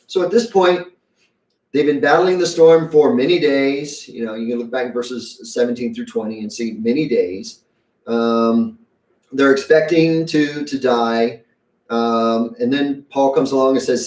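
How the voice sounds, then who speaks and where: A man's voice: mid-range voice, moderate pace, a little mellow, echoey room, recorded from a distance. A man preaching a sermon as pastor, conversational and folksy, acting out quotes as he goes. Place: church sanctuary.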